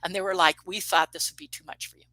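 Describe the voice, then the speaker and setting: Here a fifties-aged woman, guesting on an interview, shares a personal story quickly in a fairly low, bright and forceful voice. She animates the dialogue she quotes and restarts sentences along the way. It's a dry, close, low-quality recording.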